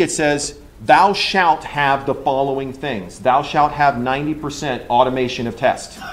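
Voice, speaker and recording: A man in charge of a large engineering team gives an animated, joking conference talk in a ranting manner. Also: medium pitch, a little hiss or hum. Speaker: engineering leader. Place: conference room.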